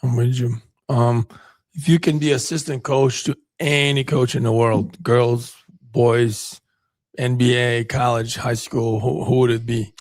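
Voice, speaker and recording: A man's voice: mid-range voice, level tone, measured pace, a little mellow, dry recording. A man co-hosting a podcast who asks brief, friendly interview questions and adds short asides. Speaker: podcast co-host and coach.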